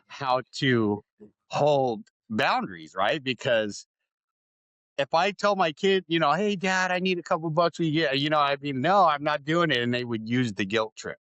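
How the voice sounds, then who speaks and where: A man's voice: mid-range voice, dry recording. A middle-aged man hosting an interview podcast, telling stories animatedly, acting out the voices he quotes, and often asking "right?". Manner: animated storyteller, acts out quoted voices, keeps adding "right?". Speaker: podcast host. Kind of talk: conversational interview.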